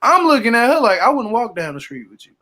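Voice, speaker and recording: A man hosts a laid-back show chat, and his voice sits high for a man. He talks with emphasis and animation, pressing his points home. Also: quick pace. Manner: animated, emphatic, leans on "to be honest". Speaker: podcast host. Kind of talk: casual chat recapping a reality show.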